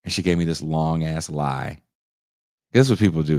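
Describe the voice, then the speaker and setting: A man on a podcast telling a story casually, animated and profane, often leaping up in pitch for emphasis. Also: moderate pace, dry recording, studio quality. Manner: animated, profane, jumps into high voices for emphasis.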